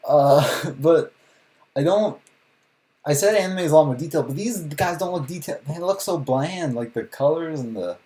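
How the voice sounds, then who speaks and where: A man's voice: a little high, normal speed, warm tone. A young man hosting a live reaction video, incredulous and laughing, often asking "what?".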